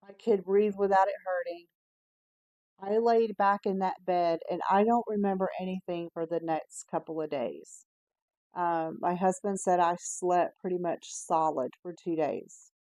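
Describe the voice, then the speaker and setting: A woman vlogger telling a personal story in a candid, casual way, pausing on fillers and correcting herself as she goes. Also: fairly low pitch, mellow, dry recording. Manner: chatty, candid, with frequent "um" and self-corrections.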